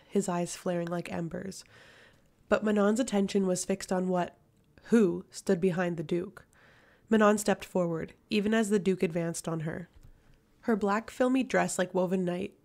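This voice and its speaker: A woman narrating a fantasy novel audiobook in a steady, measured reading. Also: on the low side, gravelly. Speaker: audiobook reader.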